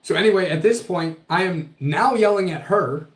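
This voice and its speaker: A man's voice: high-pitched, normal speed. A man casually telling a spooky story with lots of swearing. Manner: profane, animated storytelling. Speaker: podcast guest telling a ghost story. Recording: echoey room.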